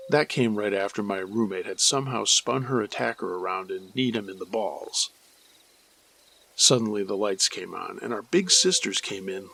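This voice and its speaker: A man hosting a spooky story show, reading a listener's first-person account in a measured, steady way. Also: lowish voice, gravelly, breathy edge. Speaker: storyteller and host.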